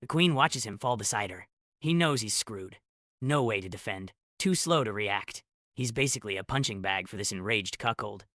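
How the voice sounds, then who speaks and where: A man's voice: on the low side, lively intonation, normal speed, a bit bright, dry recording. A man narrating a comic story recap with sarcastic asides.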